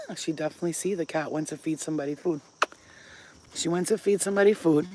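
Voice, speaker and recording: A woman's voice: deep voice, fast talker, background noise. A woman vlogger telling stories to camera in a blunt, profane way, breaking off to talk baby talk to her pets. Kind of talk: casual storytelling to camera.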